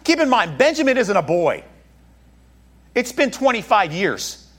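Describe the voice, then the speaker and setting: A man's voice: high voice, very animated, a little slow, a bit bright, husky. A man pastor preaching a sermon, talking to his congregation in a conversational way with joking asides.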